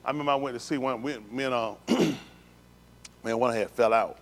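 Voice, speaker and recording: On a synagogue livestream, a man tells the congregation his personal testimony in blunt street talk, emphatic and repeating himself. His mid-range voice is gravelly and a little fast, with a slight hiss or hum.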